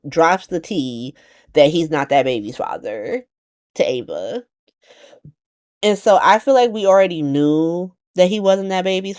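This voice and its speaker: A woman's voice: low voice, darkish tone. A woman recapping a soap opera week in casual, slangy, joking chat.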